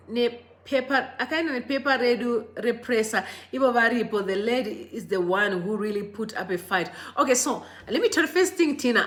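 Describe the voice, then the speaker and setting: Young woman livestream host, fairly high voice, lively and encouraging, reads out viewer names. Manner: lively, greets viewers by name, encouraging and prayerful. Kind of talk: live stream chat with viewers.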